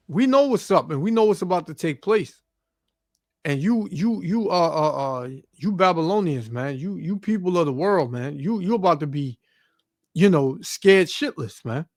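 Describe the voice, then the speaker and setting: High-voiced man preaching. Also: no echo, clean studio sound. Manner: repeats "man" often, stammers on fillers, reads scripture aloud. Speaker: street preacher. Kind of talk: preaching commentary on news clips.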